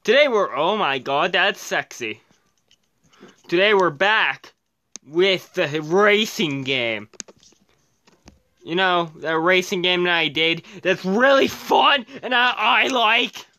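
A man from Canada hosting his own gaming channel, giving excitable let's-play commentary and shouting at the game as he races. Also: high voice, slow.

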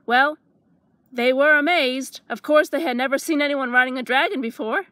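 A woman reading a children's storybook aloud with lively, expressive narration. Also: high voice, moderate pace, dry recording.

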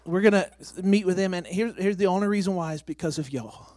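A man's voice: high voice, brisk, dry recording. A man, a missionary and former pastor, giving an emphatic and emotional testimony in church, close to tears. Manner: excitable, emphatic, breaking toward tears. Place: church sanctuary.

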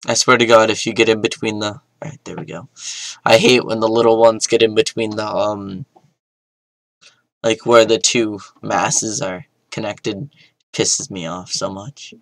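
Young guy muttering through a game, slow and unhurried, dry close sound, blurts out now and then. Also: on the low side, fairly even intonation, vocal fry, no room sound, poor audio. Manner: mumbling to himself, sudden loud outbursts. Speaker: gaming YouTuber. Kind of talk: casual gameplay commentary.

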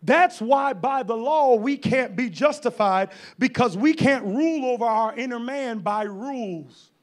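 A man preaching a sermon as pastor, folksy and fiery, at times rising to shouts. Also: extremely high pitch, expressive, unhurried.

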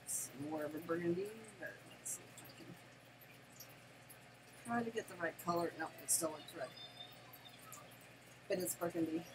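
An older woman and grandmother chatting casually through an unboxing, gushing and excitable, laughing often and squealing with delight at home. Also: on the low side, normal speed, long pauses, background noise. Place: home, near her desk.

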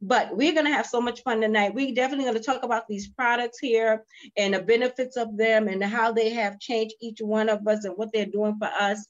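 A woman hosting a virtual spa session over a video call, energetic and cheery, calling out to her viewers. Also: fairly high pitch, fairly quick, highs cut off. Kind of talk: lively livestream chat.

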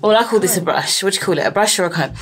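A mother, chatting casually to camera as the host of a family vlog, animated and a little breathless from blow drying. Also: medium pitch, very fast. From United Kingdom. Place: family home, indoors. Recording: noisy home recording.

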